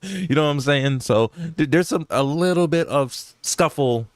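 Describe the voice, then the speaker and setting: A man's voice: on the high side, moderate pace, no echo. A man giving casual, slangy reaction commentary over basketball footage, laughing often and talking straight to his viewers. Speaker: YouTube sports commentator.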